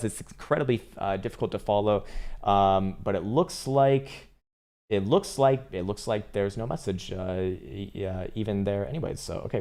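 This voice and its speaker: A man's voice: medium pitch, a little mellow. A young man hosting a casual crypto trading livestream, rambling and swearing, laughing often and breaking into mock outbursts at his chat. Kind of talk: casual live-stream chart commentary.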